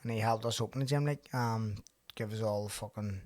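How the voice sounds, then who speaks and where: A man's voice: lowish voice, fairly quick, darkish tone, no room sound. A man in his thirties hosting a podcast in casual chat, swearing freely, laughing often and telling stories in bursts. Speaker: podcast host.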